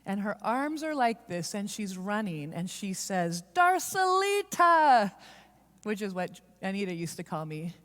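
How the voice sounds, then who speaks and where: A woman giving a heartfelt, confessional storytelling sermon at church, speeding up and slowing down for emphasis. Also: mid-range voice. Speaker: church speaker. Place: church sanctuary. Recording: long reverb of a large hall.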